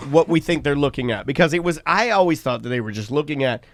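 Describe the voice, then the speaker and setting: A man's voice: fairly high pitch, lively intonation, fast, no room sound. A male podcast co-host chatting casually, wry and often laughing. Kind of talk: casual chat.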